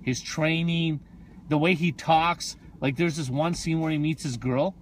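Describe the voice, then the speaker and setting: A man co-hosting a casual podcast chat, jokey and animated, getting loud when something upsets him. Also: a little high, a little slow, slight background noise. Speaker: podcast co-host.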